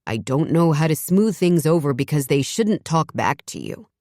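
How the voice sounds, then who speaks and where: Gruff defensive dad guy, woman narrator doing him, low, dry. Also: expressive, moderate pace, a little mellow, dry recording. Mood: earnest. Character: adult man, blunt, defensive father.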